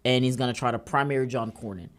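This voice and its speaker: A young man co-hosting a political talk show, bantering casually and telling stories with lively asides to the audience. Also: mid-range voice, fast. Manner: animated storytelling, mimics others.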